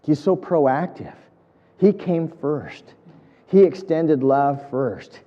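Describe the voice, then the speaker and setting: A man's voice: a little high, slow, in a large hall, lo-fi sound. A man preaching an earnest, emphatic sermon, building points through repetition. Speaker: pastor.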